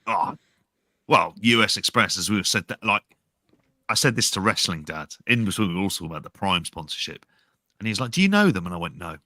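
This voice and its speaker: A man's voice: low voice, a little fast, bright, forceful tone, no room sound, studio quality. A man co-hosting a podcast, giving blunt, wry opinions and swearing freely. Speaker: podcast co-host. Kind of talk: casual podcast chat.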